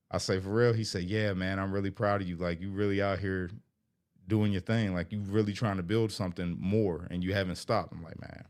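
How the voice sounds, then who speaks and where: Earnest man talking straight. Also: sits low. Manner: earnest, heartfelt, repeats himself. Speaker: vlogger. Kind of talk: candid talk to camera.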